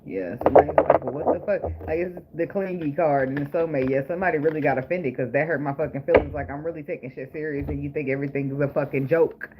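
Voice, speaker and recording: A man's voice: on the high side, steady tone, quick pace, hardly any pauses, muffled recording. A man giving a casual tarot reading, blunt, profane and joking, with frequent laughs. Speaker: tarot reader. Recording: noisy recording with clicks.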